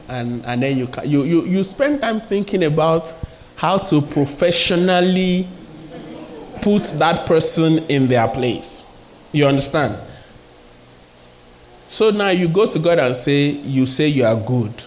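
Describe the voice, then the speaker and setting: A man preaching a sermon in a lively, conversational way, asking his listeners questions and acting out little everyday scenes. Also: medium pitch, slight background noise. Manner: acts out little scenes with quoted voices.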